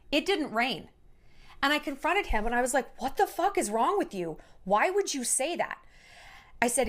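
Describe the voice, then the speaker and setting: Woman, exasperated storyteller, high and very lively, acts out quotes. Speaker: TikTok storyteller. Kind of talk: casual venting storytelling.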